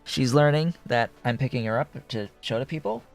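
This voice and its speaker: A man's voice: moderate pace, vocal fry. A man chatting casually as he streams a game, rambling and thinking aloud. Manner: rambling, talks to his cat in a high baby voice. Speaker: gameplay streamer. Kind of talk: casual gameplay commentary. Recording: faint music behind.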